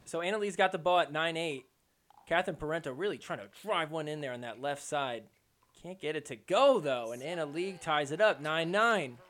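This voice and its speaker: A man hosting a podcast, recapping match highlights in a joking, excitable commentary style. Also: brisk. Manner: excitable, joking, mimics players in quotes.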